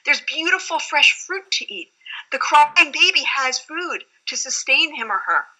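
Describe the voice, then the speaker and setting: A woman's voice: high voice, lively intonation, a little slow, sharp tone, poor audio. A woman rabbi explaining scripture in an earnest, reflective teaching tone during a study conversation.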